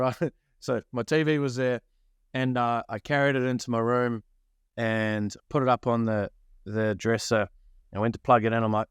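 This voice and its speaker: Middle-aged male podcast host from New Zealand, low clean voice, animated storyteller, dry close mic. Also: moderate pace, clean tone, no echo. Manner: animated, acts out quoted voices. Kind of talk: casual storytelling.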